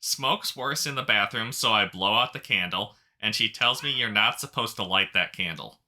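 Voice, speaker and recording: A man's voice: fairly low pitch, normal speed, bright, forceful tone. A man co-hosting a podcast, reading online stories aloud and trading dry jokes in casual chat. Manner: dry joking banter. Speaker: podcast co-host.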